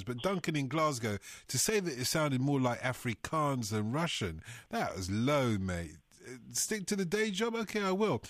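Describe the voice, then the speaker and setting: A man hosts a late-night radio phone-in, talking easily and poking fun at himself as he reads out the number and listeners' messages. His voice sits at an ordinary pitch and is recorded close and dry in the studio. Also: no echo. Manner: chatty, self-mocking, reads out numbers and texts. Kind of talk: live radio presenting. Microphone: studio microphone.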